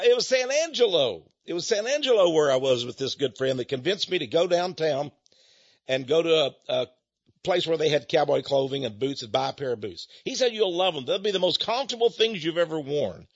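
Older man, lively rambling radio voice. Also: fairly high pitch, husky, muffled recording. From Texas. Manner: folksy, rambling, building to angry emphasis. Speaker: radio host. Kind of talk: radio talk monologue.

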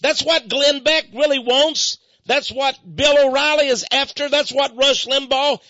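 A man's voice: very high-pitched, fairly even intonation, unhurried, bright, forceful tone, no echo, lo-fi sound. A man hosting a talk radio show, reading passages aloud in a dramatic way and commenting with mock alarm. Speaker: radio host. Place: studio office.

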